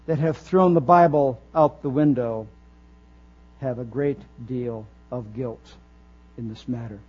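A man's voice: medium pitch, measured pace, darkish tone. A man preaching a sermon, earnest and emphatic, building his phrases as he goes. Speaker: pastor. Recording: dull lo-fi recording with faint mains hum.

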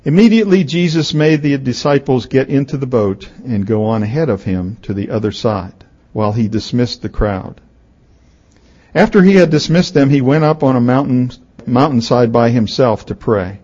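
A man's voice: medium pitch, normal speed. A male pastor reading scripture and preaching a sermon, telling stories expressively and acting out the characters' lines. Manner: expressive storytelling, voices the characters. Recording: dull lo-fi recording.

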